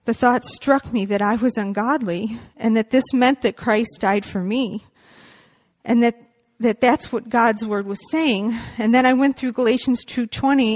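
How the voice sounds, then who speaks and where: A woman's voice: fairly high pitch, fairly even intonation, moderate pace. A woman giving a personal faith testimony, earnest and reflective, partly reading aloud and quoting scripture.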